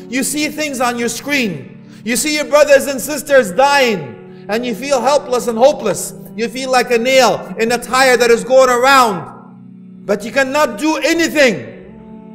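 A man's voice: very high voice, fairly bright tone. A man preaching an impassioned sermon, shifting his pace and quoting Arabic phrases. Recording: long hall reverb with faint music.

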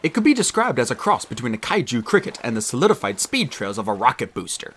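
Animated male audiobook narrator. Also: mid-range voice, quick pace. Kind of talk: audiobook reading.

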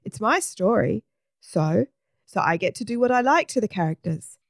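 A woman's voice: mid-range voice, big pitch swings, moderate pace, no room sound, studio quality, pitched above the performer's own voice. Woman reader doing a mischievous young boy, bouncy storybook voice. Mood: insistent. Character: cheeky boy storyteller who laughs at his own jokes.

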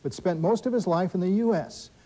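A man hosting a school quiz show, reading questions briskly and adding wry asides and corrections for the teams. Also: high-pitched, background noise. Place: television studio.

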